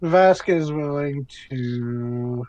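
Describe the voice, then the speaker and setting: A man's voice: mid-range voice, drawn-out words, darkish tone, no room sound, muffled recording. A man playing a tabletop game with friends, thinking aloud in a rambling, casual way. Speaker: player.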